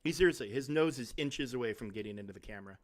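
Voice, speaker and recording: A man's voice: mid-range voice, expressive, rapid-fire. A man casually chatting on a live game stream from a home desk, rambling and restarting his sentences. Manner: rambling, self-interrupting, chatty. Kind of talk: casual live-stream chat while gaming. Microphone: desk mic on a stand.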